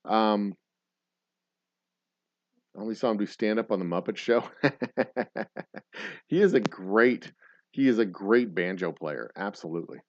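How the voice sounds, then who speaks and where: A man's voice: on the low side, lively intonation, a little slow, pauses often, no room sound. Rambling, cursing male stream host. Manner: rambling, profane, frequent self-corrections. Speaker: livestream host. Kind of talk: casual live-stream chat reacting to viewer comments. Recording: dull lo-fi stream audio.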